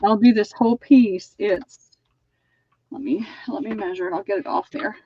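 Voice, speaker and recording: A woman's voice: mid-range voice, normal speed, highs cut off, slight background noise. A woman hosting a live online sale, chatting as she measures and describes items. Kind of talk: live-streamed sale pitch.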